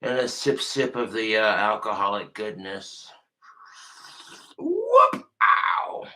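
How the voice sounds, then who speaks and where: A man ranting on a livestream while drinking, profane, tipsy and breaking into loud shouted outbursts. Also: lowish voice, fairly even intonation, normal speed, rough recording. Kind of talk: drunken rambling livestream.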